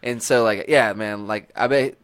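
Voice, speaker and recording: A man's voice: lowish voice, moderate pace, a bit bright, dry recording. A man chatting casually on a podcast, rambling with lots of restarts and swearing.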